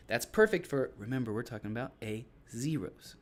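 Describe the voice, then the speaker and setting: A man's voice: mid-range voice, brisk, few pauses. A man who teaches English, casually explaining his classroom activities to other teachers in a loose, rambling way with frequent restarts.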